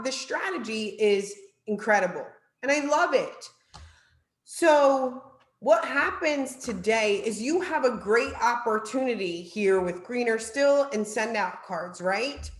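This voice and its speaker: A woman's voice: on the high side, reverberant. Upbeat chatty woman with a New Jersey accent. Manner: upbeat, chatty, keeps asking "right?". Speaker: sales trainer. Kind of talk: weekly training talk.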